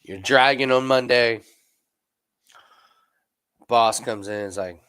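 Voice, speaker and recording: A man hosts a live sports betting stream in a loose, casual chat. He jokes around, repeats catchphrases and often breaks into loud laughter. His voice sits at an ordinary middle pitch. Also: slow pace, pauses often, smooth. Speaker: sports betting show host.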